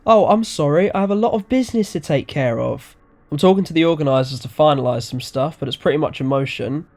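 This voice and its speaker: A man's voice: a little high, fast, a little mellow, lightly acted. A man voicing a flippant young man who speaks in an offhand, casual way.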